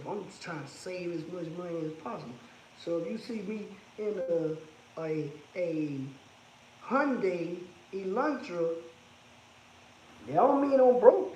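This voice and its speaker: A man with a notably high speaking voice talks loosely and candidly to viewers over a livestream. He reads their comments out as he goes. The phone audio carries a roomy echo and faint background hiss. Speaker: livestream host. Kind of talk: casual livestream chat with viewers.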